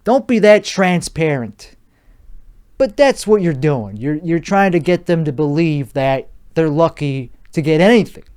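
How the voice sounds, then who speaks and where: A man's voice: a little high, animated, moderate pace, few pauses, darkish tone, clean tone. Crude, rambling man riffing solo. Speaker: podcast host. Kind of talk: solo comedic riff in character.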